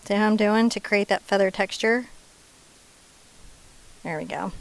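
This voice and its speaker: A woman teaching a painting lesson step by step in a chatty, playful way, dropping into soft asides. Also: mid-range voice, a little slow, gravelly, rough recording. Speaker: painting instructor.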